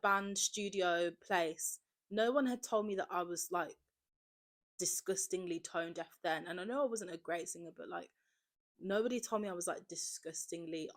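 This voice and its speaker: A young woman, chatting casually as a podcast host, filling her talk with "like" and swinging between loud and soft. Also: medium pitch. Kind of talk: casual confessional chat.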